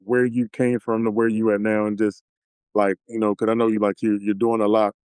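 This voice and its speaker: A man's voice: lowish voice, level tone, fairly quick, darkish tone, clear, resonant tone, no room sound. A man hosting a music podcast, asking loose, rambling questions full of fillers. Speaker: podcast host. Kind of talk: casual interview questions.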